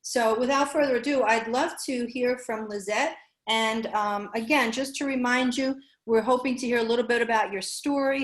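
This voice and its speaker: Woman, New York accent, panel moderator, quick talk full of fillers, higher voice, echoey room. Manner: rapid, with many fillers and restarts. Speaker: panel moderator, university program director. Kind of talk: panel introduction on a video call.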